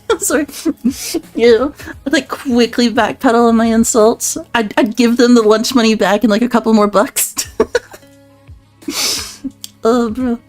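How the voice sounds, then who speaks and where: High-voiced giggly flustered woman streamer. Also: moderate pace, long pauses, a little mellow, no echo, soft background music. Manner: giggly, flustered, swears often. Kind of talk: casual live-stream chat with viewers. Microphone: close streaming mic.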